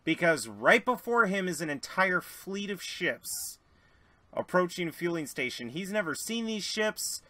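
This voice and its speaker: A man narrating as game master of a tabletop role-playing game, animated with quick asides. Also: sits high.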